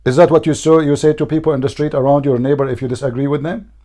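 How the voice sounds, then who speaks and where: Hoarse, high-voiced man debating and mocking. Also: fairly even intonation, quick pace, warm tone. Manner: mocking, insistent, repeats questions. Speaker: debate show host. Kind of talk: heated live debate.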